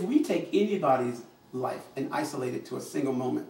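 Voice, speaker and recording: An American man giving a public address, animated, often acting out the voices of people he quotes. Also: medium pitch, fairly quick, vocal fry, hardly any pauses, slight background noise. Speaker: invited speaker. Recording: echoey room, mic far off.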